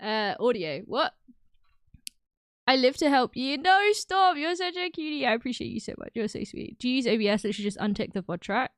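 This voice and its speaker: A woman's voice: fairly high pitch, fairly quick, no echo, clean studio sound. A young woman streaming, chatting casually with her viewers, bubbly and giggly, often breaking into laughter. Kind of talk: casual chat with live chat.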